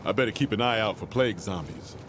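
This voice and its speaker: A man's voice: fairly low pitch, lively intonation, fast, noisy background, lightly acted. An actor playing a wary male survivor in a zombie video game, speaking in a matter-of-fact way.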